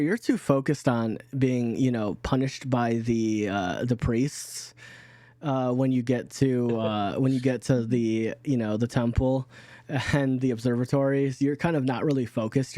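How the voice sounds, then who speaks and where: A male game master runs a tabletop game, rambling through the scene with many fillers and frequent restarts. His voice is middling in pitch with a dark tone, captured in a dry, close recording with no echo.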